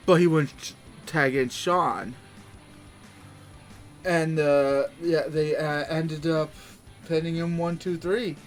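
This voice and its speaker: A man's voice: fairly high pitch, fairly even intonation, slow pace, pauses often, faint music behind. A man giving a casual, rambling wrestling recap, full of fillers and restarts.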